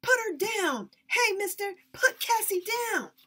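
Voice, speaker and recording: A woman doing a high-voiced pleading young boy. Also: sing-song, unhurried, fairly bright tone, exaggerated voice.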